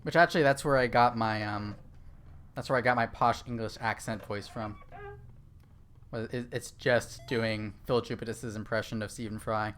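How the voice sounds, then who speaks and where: A man's voice: lowish voice, steady tone, normal speed, a bit bright, slight background noise. A young man chatting casually while streaming a horror game, rambling with lots of fillers and restarts. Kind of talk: casual gaming stream chat.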